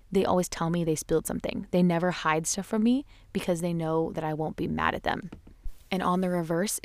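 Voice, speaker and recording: A woman's voice: fairly low pitch, a little mellow, no echo. A young woman hosting a parenting show, talking candidly and casually with lots of "like" and "you know", sometimes acting out her kids' voices. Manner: acts out her children's voices in quotes. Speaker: parenting podcast host. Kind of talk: casual chat.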